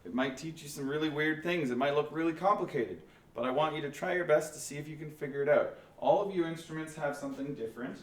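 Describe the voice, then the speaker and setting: A man's voice: on the high side, fast talker. A man teaching a remote band lesson, patiently explaining step by step with restarts. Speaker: music teacher. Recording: echoey room, faint noise.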